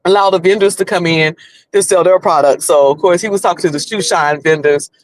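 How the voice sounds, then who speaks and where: A man's voice: high-pitched, a little fast, dry recording, low-quality recording. A man with a North Carolina Southern accent, chatting casually on a livestream while driving, rambling with many restarts. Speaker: livestream host. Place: in a car.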